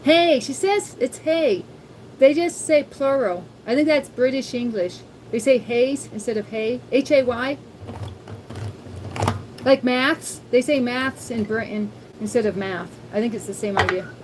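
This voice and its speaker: A woman's voice: a little high, unhurried, a little hiss or hum, rough recording. A woman hosting a casual cooking livestream from her home kitchen, chatty and thinking aloud as she talks to viewers. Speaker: livestream host.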